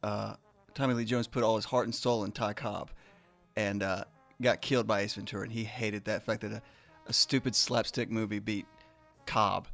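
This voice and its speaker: Gravelly male radio co-host. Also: fairly low pitch, fairly even intonation, moderate pace, a bit bright, faint music behind. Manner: wisecracking, plays the customer in bits. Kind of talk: radio show banter.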